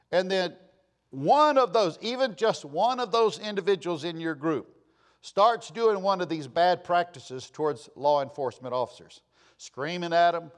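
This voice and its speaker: A man delivers a sermon in a notably high voice, stern and insistent. He admonishes his listeners, repeating the same warnings over and over for emphasis. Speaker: pastor. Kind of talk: sermon lecture to a congregation.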